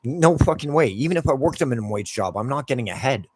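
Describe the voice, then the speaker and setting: A man's voice: mid-range voice, lively intonation, racing, darkish tone, slightly rough, no echo. A man in his forties, a gaming YouTuber, ranting casually and swearing constantly while he plays. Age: 40s.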